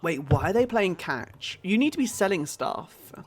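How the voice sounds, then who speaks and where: A woman, chatting excitably to her viewers while she plays a game on a live stream. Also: on the low side, slightly rough, faint music behind. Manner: chatty and excitable, quick exclamations. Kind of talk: casual live-stream chat while playing.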